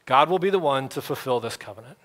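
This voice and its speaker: A man's voice: medium pitch, expressive, quick pace, fairly bright tone. A man preaching a sermon as pastor, in a casual, conversational way with playful voices for the people in the story. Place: church.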